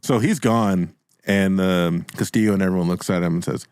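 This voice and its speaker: Deep-voiced man improvising comedy. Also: normal speed, darkish tone, smooth, no room sound, studio quality. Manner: playful, swings into voices. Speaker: host and game master.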